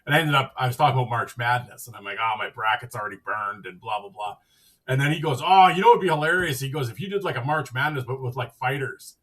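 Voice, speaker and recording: Husky man telling a rambling story. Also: mid-range voice, quick pace, pushed and bright, distant mic. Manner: rambling, acts out quoted dialogue with "I'm like". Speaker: podcast host. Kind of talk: casual storytelling.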